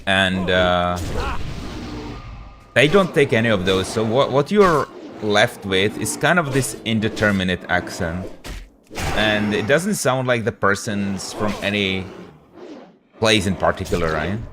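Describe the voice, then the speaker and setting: Low-voiced laid-back man streaming. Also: expressive, measured pace, noisy background. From Europe. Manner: rambling and laid-back, full of "bro" and "dude". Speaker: game streamer. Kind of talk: casual chat with a live stream audience.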